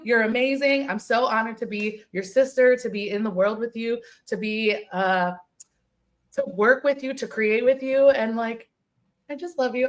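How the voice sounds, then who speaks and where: A woman's voice: fairly high pitch, steady tone, normal speed. A woman hosting a casual podcast chat, gushing and emotional, repeating words for emphasis. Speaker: podcast host.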